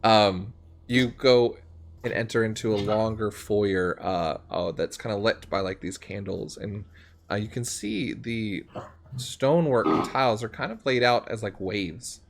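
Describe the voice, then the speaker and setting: A man's voice: on the low side, unhurried, vocal fry, a little hiss or hum. A young man narrating as game master in a casual way, with many fillers.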